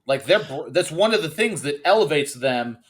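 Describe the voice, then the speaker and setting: A man in a casual movie review chat, speaking quickly with incredulous asides. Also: on the high side, animated, slightly rough. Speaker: podcast co-host.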